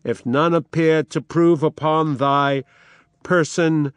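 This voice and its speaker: A man voicing a stern duke passing judgment in fury, with a forceful, declamatory reading from a play. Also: on the high side, fairly even intonation, slow, clear, resonant tone, no echo, pitched above the performer's own voice.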